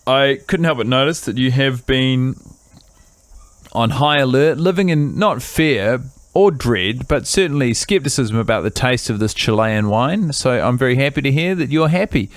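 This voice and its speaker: A man co-hosting a comedy podcast, rambling in a dry, deadpan way. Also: medium pitch, normal speed, no room sound. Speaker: podcast co-host.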